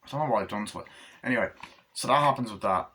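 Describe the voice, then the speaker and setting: A man's voice: lowish voice, racing, bright, forceful tone. A man giving a casual, rambling movie review, swearing often and acting out lines from the film. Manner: rambling and profane, full of fillers and acted-out quotes.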